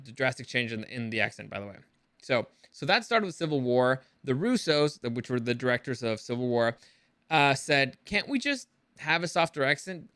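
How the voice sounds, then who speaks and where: Man, rambling and crisp. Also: a little high, bright, forceful tone, dry recording, studio quality. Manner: rambling, swears freely, laughs at own jokes. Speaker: entertainment news vlogger. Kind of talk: casual commentary.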